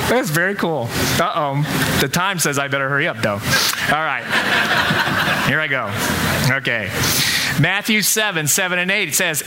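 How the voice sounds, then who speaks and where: A man's voice: a little high, animated, moderate pace, pushed and bright, slight background noise. A middle-aged male pastor giving a conversational sermon in a church, full of rhetorical questions.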